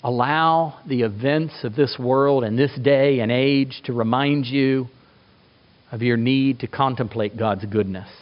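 A middle-aged man preaching a sermon as a pastor, emphatic, asking rhetorical questions and swinging his pitch for effect. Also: steady tone, measured pace. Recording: dull lo-fi recording.

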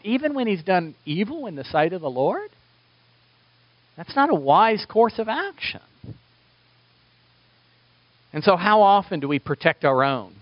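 A male pastor preaches with a lively, swinging delivery and plenty of rhetorical questions. His voice sits a bit high for a man. The recording is dull, lo-fi and dry. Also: normal speed, dry recording. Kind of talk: sermon.

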